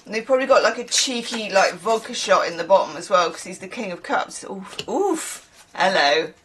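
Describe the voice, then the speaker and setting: A woman's voice: mid-range voice, fast talker, fairly bright tone, slight background noise. A woman from the UK, a tarot reader who chats in a rambling way, with laughing asides. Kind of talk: casual chatty reading.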